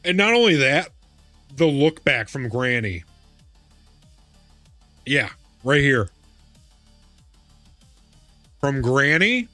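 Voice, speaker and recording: Young guy streaming, slow talker, voice swings all over, laughs a lot, dry close sound, faint music behind. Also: mid-range voice, no echo. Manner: laughing, animated, repeats himself. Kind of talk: casual live-stream chat.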